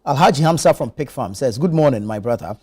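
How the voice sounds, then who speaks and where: Mellow-voiced male morning host. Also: mid-range voice, expressive, quick pace, breathy edge. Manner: reads viewer messages, brief affirming murmurs. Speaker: news review host. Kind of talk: morning show panel moderation. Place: TV studio.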